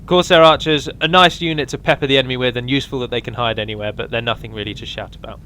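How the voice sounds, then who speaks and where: A man's voice: medium pitch, fairly even intonation, racing, pushed and bright, slight background noise. A man giving a casual, rambling walkthrough of a strategy game mod, with frequent ums and restarts.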